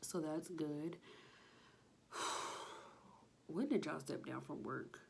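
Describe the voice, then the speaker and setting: A woman's voice: low voice, takes it slowly, creaky, darkish tone, slight background noise. A pregnant young woman chatting casually to her viewers at home, out of breath and sighing between phrases. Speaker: vlogger. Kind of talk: casual chat. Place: home kitchen.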